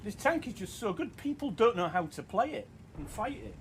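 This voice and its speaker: A man giving casual, sweary, excitable commentary over his own tank gameplay. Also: high voice, fairly quick, slight background noise. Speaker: gaming commentator.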